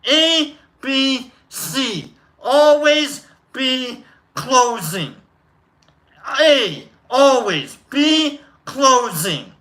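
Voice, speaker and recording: A man playing an abrasive, hard-selling male sales boss in a slow, barking, profane tirade. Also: very high-pitched, pushed and bright, voice pushed up, heavily acted. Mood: berating.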